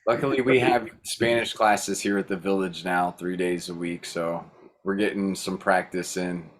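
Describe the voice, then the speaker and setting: A man's voice: low-pitched, fairly even intonation, moderate pace, a little hiss or hum. A man chatting casually on a video call, rambling and hesitant with frequent restarts. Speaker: workshop host.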